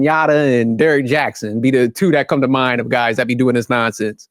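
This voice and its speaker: A man delivers a heated, blunt reaction rant full of slang and swearing. His voice sits at an ordinary male pitch and is recorded dry with no room sound. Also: steady tone, brisk, few pauses, no echo. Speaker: commentary channel host.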